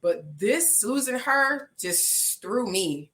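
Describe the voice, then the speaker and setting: Woman coach, bright forceful voice, heartfelt emotional podcast testimony. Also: a little high, big pitch swings, takes it slowly. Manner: heartfelt, emotional, rising to passionate pleading. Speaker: life coach.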